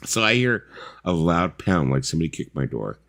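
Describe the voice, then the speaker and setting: A very deep-voiced man telling a story in loose, casual stream chatter. His pitch jumps around a lot, low one moment and high the next. He fills the gaps with likes and you-knows. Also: very animated, normal speed, vocal fry, a bit bright. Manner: rambling, loose, lots of fillers and asides. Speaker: co-host. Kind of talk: casual late-night stream chat.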